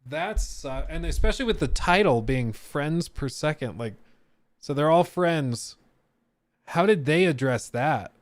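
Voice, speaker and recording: A man's voice: a little high, expressive, a little slow, no echo. A man streaming live, talking casually and answering his chat, with frequent fillers and trailing asides.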